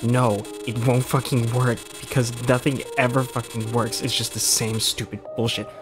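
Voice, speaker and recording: A man reading as a worn-down, self-loathing game character who sounds weary and bitter. He speaks at a slow, heavy pace, and game music plays behind him. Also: fairly low pitch, steady tone, creaky. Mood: furious. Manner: bitter, weary, bursts into swearing. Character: despairing, self-loathing trapped young character. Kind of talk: reading game dialogue aloud.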